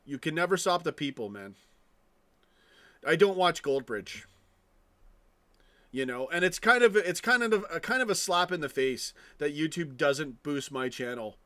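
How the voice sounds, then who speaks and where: A man's voice: fairly high pitch, animated, a little slow, long pauses, fairly bright tone. A man hosting a casual live stream, ranting with frequent swearing and restarts, tossing asides to his viewers. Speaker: fan channel live streamer.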